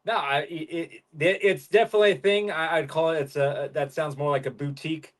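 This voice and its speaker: A man co-hosting a podcast in casual chat, talking hesitantly with many pauses and restarts. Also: on the high side, steady tone. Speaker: podcast co-host.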